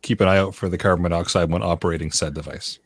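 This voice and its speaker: Low gravelly Canadian man hosting. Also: fast talker, slight background noise. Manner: relaxed, chuckling, runs the segments. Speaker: podcast host. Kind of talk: casual podcast chat.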